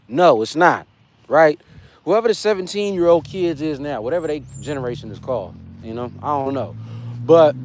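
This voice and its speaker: A man's voice: a little high, animated, brisk, darkish tone, a little hiss or hum. A man from California, hosting a casual fitness livestream and chatting loosely with his viewers. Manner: laid-back, chatty, greets viewers by name.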